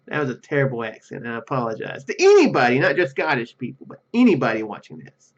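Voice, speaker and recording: A man's voice: mid-range voice, wildly swooping pitch, fast, few pauses, dull audio. A man hosting a let's play, reading game text aloud and joking about himself as he goes. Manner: joking and self-deprecating, laughs at own jokes.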